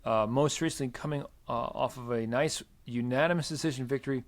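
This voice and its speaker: A man's voice: medium pitch, a little fast. A man hosting a casual MMA preview, running through fighter records and handing off to co-hosts. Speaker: show host. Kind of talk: casual sports chat, reading fight stats.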